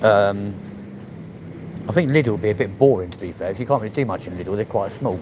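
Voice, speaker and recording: A young man with a lowish voice, cursing freely and muttering to himself as he films on his phone. He talks from a car and then from inside a large supermarket, with clear vehicle and shop noise around him. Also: a little fast. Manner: blunt and sweary, mumbling asides. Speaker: vlog presenter. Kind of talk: casual vlog banter. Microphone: handheld phone while filming.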